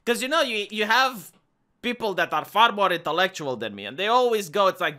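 High, animated Romanian-accented man ranting. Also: fairly quick. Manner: animated, argumentative, repeats words when restarting. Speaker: live streamer. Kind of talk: casual opinion monologue.

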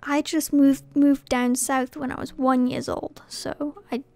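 High-voiced woman muttering through gameplay. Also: level tone, a little slow, a little mellow. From Scotland. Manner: muttering to herself, often dropping to a whisper. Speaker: gaming channel host. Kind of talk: casual gameplay commentary.

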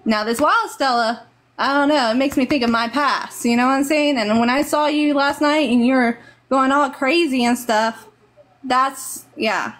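Woman, Texan accent, slightly high voice, earnest, rambling, motherly advice, live stream. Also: fairly even intonation, moderate pace, fairly bright tone. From Texas.

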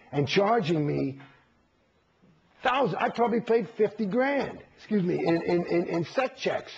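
Gravelly, husky man, profane and animated interview storyteller, dull lo-fi recording. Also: high-pitched. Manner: profane, animated, acts out quoted exchanges.

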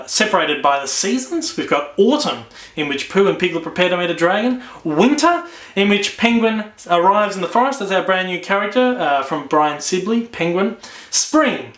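Casual Australian male book reviewer, upbeat, fairly high voice, echoey room. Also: fairly bright tone. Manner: enthusiastic, repeats words.

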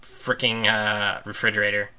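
A man's voice: fairly low pitch, completely flat delivery, normal speed, pushed and bright, clear, resonant tone. A man giving gameplay commentary from a room at home, ranting in irritation and laughing it off. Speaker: let's play host.

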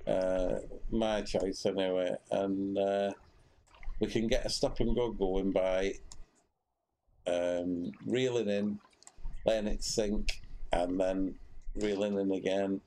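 A man's voice: deep voice, steady tone, slow, warm tone, slight background noise. A man giving casual commentary while streaming a fishing game, rambling with many fillers and restarts.

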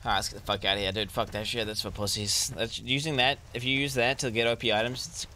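A man streaming a video game with casual commentary, excitable and sarcastic, swearing a lot. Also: fairly low pitch, fast, slight background noise.

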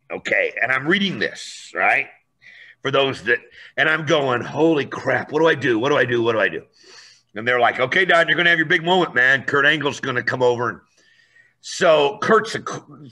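A man telling a story in a lively, animated way, acting out voices and raising his voice for effect. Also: medium pitch.

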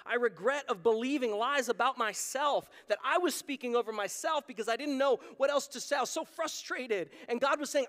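A man's voice: very high-pitched, fairly quick, few pauses, a bit bright. A man preaching a sermon as pastor, talking in an earnest, conversational way and acting out quoted voices. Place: church sanctuary. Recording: long hall reverb.

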